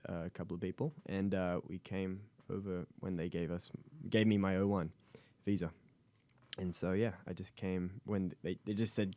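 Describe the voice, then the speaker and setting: A man's voice: sits low, darkish tone, no room sound. A young Australian man with an Australian accent, a guest talking casually in an interview with many ums and uhs. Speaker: guest actor.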